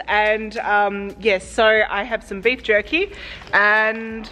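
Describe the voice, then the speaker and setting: A woman's voice: medium pitch, fairly even intonation, takes it slowly, bright, forceful tone, soft background music. An Australian woman vlogging casually to camera as a cosplay guest, bubbly and giggly, a little tired. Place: busy convention venue, indoors. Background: crowd chatter.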